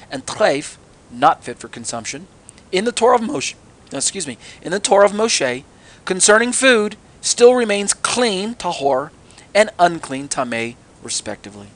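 A man's voice: mid-range voice, a bit bright. A middle-aged man teaching a sermon on scripture, earnest and fond of rhetorical questions and sarcastic asides. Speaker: Bible teacher.

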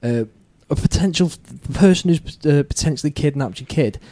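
A man hosting a casual podcast, swearing freely as he rambles through his views. His voice is mellow and dark, recorded dry and close with no room sound. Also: on the high side, moderate pace, dry recording. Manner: sweary, rambling, animated opinions. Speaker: podcast host.

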